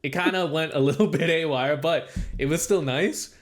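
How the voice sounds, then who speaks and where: A young man co-hosting a casual podcast, telling a long story full of "like" and acting out what people said. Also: moderate pace. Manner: rambling storytelling, heavy use of "like"; acts out quoted speech with raised pitch. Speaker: podcast co-host. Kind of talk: casual chat.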